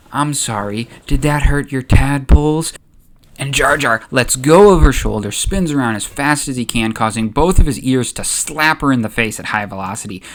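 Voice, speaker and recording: A man hosting a channel, narrating a story in a casual, chatty way. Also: medium pitch. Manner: chatty, relaxed, uses fillers. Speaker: YouTube host.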